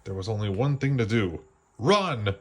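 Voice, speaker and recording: A man reading a children's storybook aloud, gently slowing down for the suspenseful parts. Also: fairly low pitch, expressive, a little hiss or hum. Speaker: storybook reader. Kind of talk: children's read-aloud narration.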